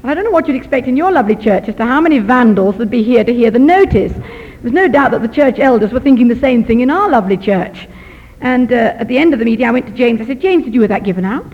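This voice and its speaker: High-voiced woman preaching in an echoing hall. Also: fast. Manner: lively, self-deprecating storytelling. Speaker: missionary doctor and speaker. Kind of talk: storytelling sermon. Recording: dull recording in a reverberant hall.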